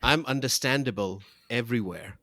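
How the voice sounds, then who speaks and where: A man's voice: medium pitch, normal speed, fairly bright tone, no echo, studio quality. A man hosting a comedy podcast, ranting and joking in casual chat. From New Zealand. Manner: ranting, jokey, puts on voices. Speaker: podcast host.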